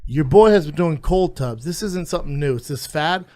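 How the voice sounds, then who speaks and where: Animated man telling crude stories. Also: fairly high pitch, normal speed. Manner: animated storytelling, crude jokes. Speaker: podcast host. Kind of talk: casual podcast chat.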